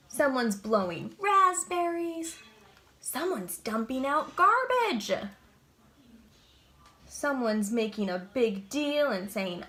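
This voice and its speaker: A woman librarian reading a picture book aloud to preschoolers, slow and expressive, asking the children questions. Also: fairly high pitch, echoey room. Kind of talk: preschool story time read-aloud.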